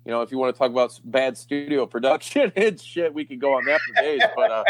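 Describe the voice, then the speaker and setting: A man's voice: mid-range voice, quick pace, gravelly, soft background music. A man hosting a podcast, telling a long story in a rambling, profane, laughing way. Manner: rambling, swears a lot, laughs often. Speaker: podcast host. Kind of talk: casual profane chat.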